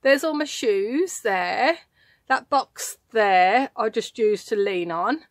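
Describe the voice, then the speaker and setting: A woman's voice: fairly high pitch, expressive, slow, dry recording, studio quality. A middle-aged woman with a Birmingham accent, chatting and rambling on a casual tour of her home loft while filming it herself, often laughing at herself. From England. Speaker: part-time online reseller. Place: home loft storage space.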